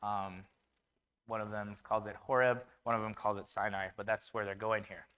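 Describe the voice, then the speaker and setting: A man's voice: lowish voice, little pitch movement, normal speed, a bit bright, smooth. A man preaching a conversational sermon in a church, with fillers and restarts.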